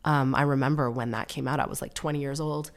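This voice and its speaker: Low-voiced woman, chatty and sardonic. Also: fairly even intonation, quick pace. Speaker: podcast host. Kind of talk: casual solo comedy chat.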